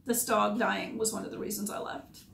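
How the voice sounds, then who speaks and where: A woman's voice: medium pitch, little pitch movement, moderate pace, creaky, fairly bright tone, a little hiss or hum. A woman, a dog groomer candidly recounting past events in short, emotional bursts. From Georgia, USA. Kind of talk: personal storytelling. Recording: echoey room.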